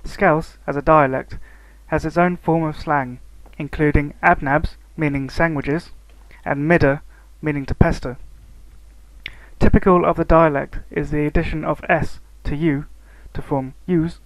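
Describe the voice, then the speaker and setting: A man narrating a scripted lesson on language variation, reading steadily and slowing down to spell out example words. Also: fairly high pitch, steady tone, no echo, rough recording. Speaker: student narrator.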